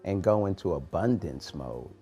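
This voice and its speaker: A man hosting a morning podcast, giving a preachy, animated motivational talk in street-casual phrasing. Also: low-pitched. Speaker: podcast host, motivational coach.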